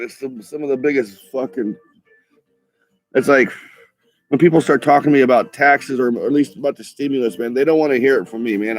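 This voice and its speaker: A vlogger delivers an angry, swear-filled rant with a relaxed stoner drawl, often tripping over his words and restarting. His voice is in the middle range.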